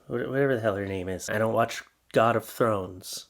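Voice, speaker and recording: A man's voice: lowish voice, normal speed, gravelly. A man hosting reaction commentary, sarcastic and exasperated, mocking what he reads. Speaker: commentary host.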